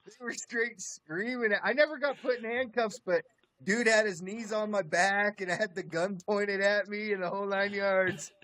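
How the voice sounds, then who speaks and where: A young man with a fairly high voice talks in a relaxed, profane way, retelling an old run-in and chiming in with quick yeps. It is easygoing storytelling among friends. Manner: laid-back, profane, agreeing with short yeps. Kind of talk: casual storytelling chat.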